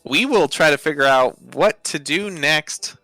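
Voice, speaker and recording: A man running a tabletop game as dungeon master, slow and halting with plenty of "uh". His voice is bright, with faint music in the background. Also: fairly high pitch, expressive, no echo. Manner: halting, many "uh" fillers.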